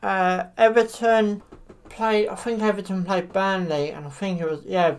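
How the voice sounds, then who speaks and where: A woman's voice: medium pitch, steady tone, measured pace. Woman, casual vlogger, mid-range voice, hesitant, filler-heavy. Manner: hesitant, many fillers like "you know". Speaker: football predictions vlogger. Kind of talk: casual solo commentary to camera.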